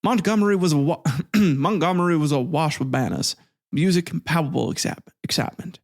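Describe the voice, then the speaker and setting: A man reading a correspondent's report with deadpan asides. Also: on the high side, a little fast, close to an everyday voice. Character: newspaper correspondent at an inauguration.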